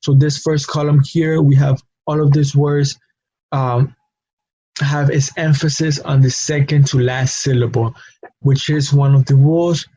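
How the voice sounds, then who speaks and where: A man's voice: medium pitch, flat delivery, a little slow, mellow, breathy edge, highs cut off. A man teaching a recorded language lesson, patient and repetitive, often ending points with a questioning "no?". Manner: patient, repeats himself, tag question "no?".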